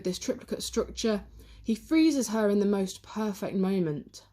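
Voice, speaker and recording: A woman's voice: medium pitch, lively intonation, measured pace, mellow. A woman teacher giving a revision lesson on a poem, reading quotes aloud and explaining them in close analytical detail, recorded on a handheld camera.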